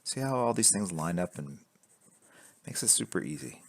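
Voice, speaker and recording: Sketching at an indoor drawing board, a man streams a live lesson on construction lines, joking and reading his chat aloud. His low-pitched, gravelly voice is very animated at a normal speed, recorded by a camera fixed to the board.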